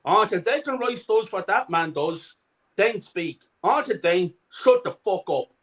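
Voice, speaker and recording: A man's voice: sits high, animated, unhurried, poor audio. A middle-aged man, co-hosting a fan channel and delivering an angry, profane rant. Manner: furious, profane, shouting rant. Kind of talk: angry ranting fan commentary.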